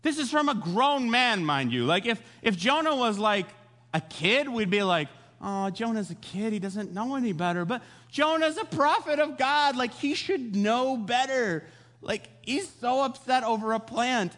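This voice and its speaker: Man, pastor, sermon, jokey storytelling, high voice, echoing hall. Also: expressive, a little slow, fairly bright tone.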